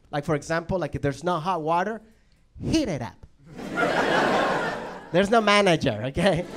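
Venezuelan man doing lively stand-up. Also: fairly high pitch, very noisy. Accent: Venezuelan Spanish. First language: Spanish. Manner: animated, swearing, acts out voices. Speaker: stand-up comedian. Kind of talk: stand-up comedy set. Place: comedy club stage. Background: audience laughter.

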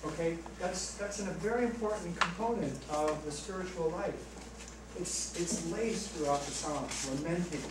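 A man's voice: sits high, moderate pace. A man, a priest, giving a talk to a parish group and answering questions, telling stories with jokes. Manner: animated storyteller, joking. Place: parish hall with audience. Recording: roomy, distant, noisy hall recording.

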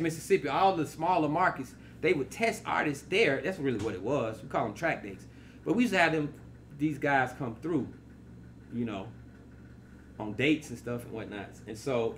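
This is a man in his forties who works in radio, guesting on a podcast and spinning relaxed anecdotes. He's animated, voicing the people he quotes, in a medium pitch with a little background noise.

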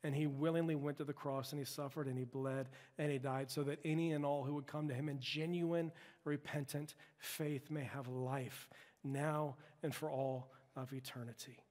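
A male pastor preaching a sermon with impassioned, emphatic delivery, building to loud peaks. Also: medium pitch, fairly even intonation, moderate pace. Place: church sanctuary. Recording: long church-hall reverb.

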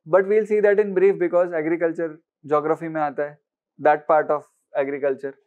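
Indian English male teacher, high-pitched, drills and questions his class, slightly muffled recording. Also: flat delivery, brisk. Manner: questioning, mixes Hindi words, repeats for emphasis. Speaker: exam-prep teacher. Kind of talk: lecture to students.

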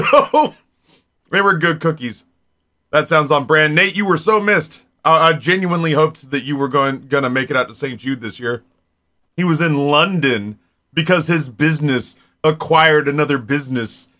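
A man's voice: fairly high pitch, pushed and bright. A man in his forties chatting casually on a live stream, rambling and talking straight to his viewers. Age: 40s.

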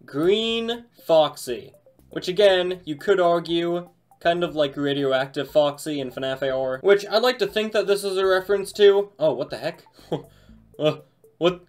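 Male toy reviewer with a slightly raised pitch; excited, casual, slangy delivery; faint music underneath. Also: unhurried.

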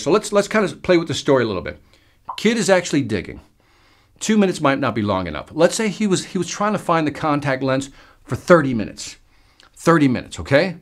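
A man teaching a sales lesson, energetic and emphatic, acting out the lines he uses from the stage. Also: on the high side. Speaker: sales trainer.

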